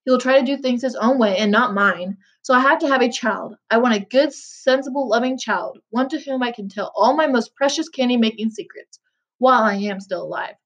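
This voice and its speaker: A woman reading the lines of an eccentric, brisk old male candy maker in a storybook, with a lively delivery. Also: a little high, muffled recording.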